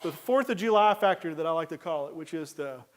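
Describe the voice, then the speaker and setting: A man's voice: on the high side, expressive, fairly quick. A man giving a casual, folksy lecture on garden plants, rambling with many uhs and restarts. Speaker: horticulture lecturer. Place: lecture hall.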